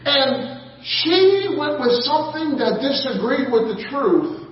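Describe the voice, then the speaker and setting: A man's voice: extremely high pitch, very animated, slow. A man preaching a sermon in a conversational way, full of rhetorical questions to the congregation. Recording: echoey, muffled room mic from a distance.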